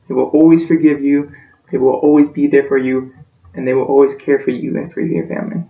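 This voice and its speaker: A man's voice: medium pitch, flat delivery, brisk. Earnest young man, echoey distant recording. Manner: earnest and emotional, voice close to breaking. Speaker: student giving a class speech. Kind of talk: practice persuasive speech. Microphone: self-recorded from a distance. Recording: echoey room, distant dull-sounding mic.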